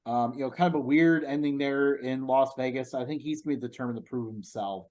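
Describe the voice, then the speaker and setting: A man's voice: medium pitch, brisk, darkish tone, low-quality recording. Hedging young man talking football. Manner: thoughtful, hedging, many ums. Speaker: sports podcast co-host. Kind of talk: casual sports talk.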